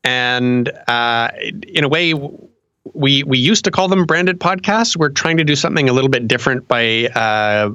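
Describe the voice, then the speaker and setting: A man who founded a podcasting company, answering interview questions in a relaxed way with pauses to think. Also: mid-range voice, clean tone, no echo. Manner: relaxed, with frequent fillers and restarts.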